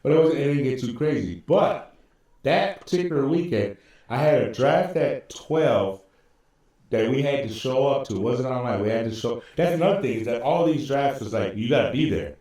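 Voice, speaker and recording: A man's voice: mid-range voice, lively intonation, normal speed, dark tone. A man, co-hosting a podcast and telling rambling, profane stories. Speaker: podcast co-host. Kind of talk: casual chat. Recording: echoey room, distant mic.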